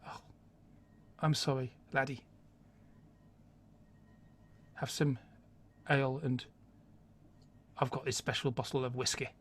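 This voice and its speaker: A man's voice: mid-range voice, flat delivery, normal speed, a bit bright, slightly rough. A man voicing a hard-drinking bearded female dwarf barmaid, hearty and brusque. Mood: sympathetic.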